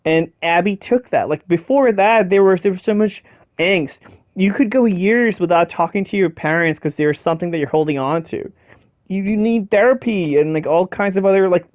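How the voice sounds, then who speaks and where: A man's voice: high-pitched, no echo. A young man, talking about a game in a passionate, rambling way, full of fillers and swearing. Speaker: video creator. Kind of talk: casual emotional game discussion. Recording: dry, dull lo-fi home recording.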